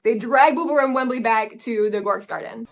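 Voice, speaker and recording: A woman's voice: a little high, normal speed, creaky, over a noisy crowd. A woman host chatting casually through a show recap, rambling and giggling, often slipping into character voices. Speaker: video essay host.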